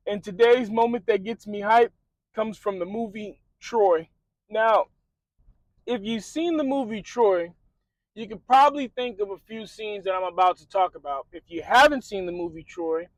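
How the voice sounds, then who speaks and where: A man's voice: high voice, dry recording, poor audio. A man hosting a motivational video, animatedly retelling a film scene with lots of fillers and acted-out quotes. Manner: animated storyteller, acts out quotes, many fillers.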